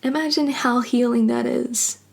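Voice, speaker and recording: Profane, passionate woman vlogger, higher voice. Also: steady tone, measured pace, vocal fry. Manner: passionate, profane, acts out other people's voices. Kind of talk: rambling monologue.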